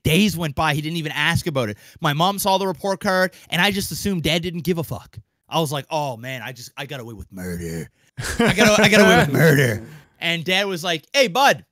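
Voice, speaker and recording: A young man on a podcast, his voice sitting a bit above the usual pitch for a man. He tells a casual, animated story, swears freely and slips into the voices of the people in it. The sound is dry and close. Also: dry recording. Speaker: podcast co-host.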